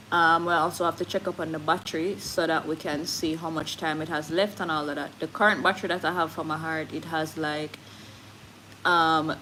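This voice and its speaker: A woman with a low but fairly bright voice and a Jamaican accent chats candidly on a live stream, moving into patois and reading viewer comments in casual talk. It's a low-quality recording with slight background noise.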